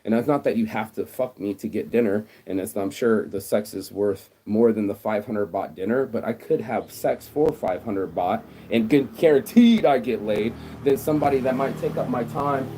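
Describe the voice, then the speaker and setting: Blunt, profane man ranting, mellow voice. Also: on the low side, moderate pace, few pauses, slight background noise. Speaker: vlogger. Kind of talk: casual rant to camera.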